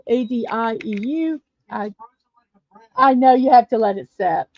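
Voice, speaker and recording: Slow-talking chatty woman streamer. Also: fairly high pitch, no room sound. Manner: chatty, reads viewer comments aloud. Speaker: livestream host. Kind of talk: casual livestream chat. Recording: dull lo-fi dry stream audio.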